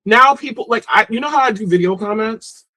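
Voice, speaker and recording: A woman's voice: on the high side, brisk, pushed and bright, poor audio. A woman co-hosting a casual talk, speaking hesitantly with restarts. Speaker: co-host. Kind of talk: casual chat.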